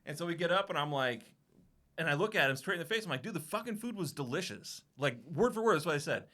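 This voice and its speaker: A man telling a profane, animated story on a casual podcast, acting out what everyone said. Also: on the high side, fast talker. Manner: profane, animated anecdote-telling with acted-out quotes. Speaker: podcast co-host.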